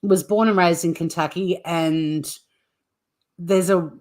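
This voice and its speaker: A woman's voice: on the low side, fairly even intonation, slow, darkish tone. A woman hosting a livestream, rambling in casual chat with viewers and swearing freely. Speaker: livestream host.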